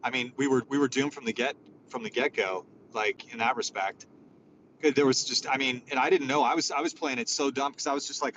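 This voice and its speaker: A man at a middling pitch, hosting a live audio chat. He talks in long, rambling, exasperated runs, swearing often, with a faint hiss of noise behind him. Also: fairly even intonation, fairly quick, fairly bright tone, poor audio. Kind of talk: casual chat.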